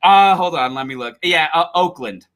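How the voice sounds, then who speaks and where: A man's voice: on the high side, animated, normal speed. A man co-hosting a podcast, chatting casually and laughing often. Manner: laughs often, reacts loudly. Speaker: podcast co-host. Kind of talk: casual chat.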